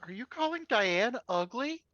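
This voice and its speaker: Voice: mid-range voice, sing-song, a little slow, a bit bright, dry recording, muffled recording. A player in a tabletop game, giving short playful replies. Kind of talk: casual game chat.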